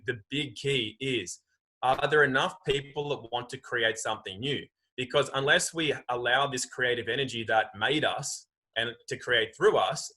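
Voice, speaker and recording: Bright, emphatic man on a video call. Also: medium pitch, husky, low-quality recording. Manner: emphatic, animated, acts out quoted voices. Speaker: guest. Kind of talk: casual conversation.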